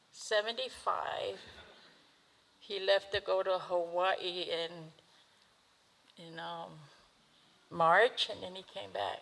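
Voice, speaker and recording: A woman's voice: medium pitch, gravelly, fairly bright tone. An older woman speaking at her husband's memorial, unpracticed, searching for dates and thanking people. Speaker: widow giving a memorial speech. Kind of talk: memorial speech. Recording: reverberant hall.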